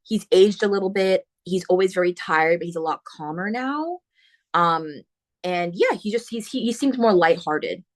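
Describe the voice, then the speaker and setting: A woman hosting a book podcast, retelling a horror novel's plot in a casual, animated way with slangy asides. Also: lowish voice, moderate pace. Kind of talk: casual spoiler book talk.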